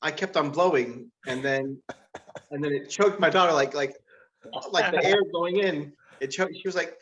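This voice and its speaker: A man doing stand-up comedy who laughs at his own jokes and rambles with lots of fillers, jumping way up in pitch when he quotes people. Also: normal speed, fairly bright tone, lo-fi sound. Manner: jumps to a much higher pitch to act out quoted people. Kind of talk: live-streamed stand-up comedy.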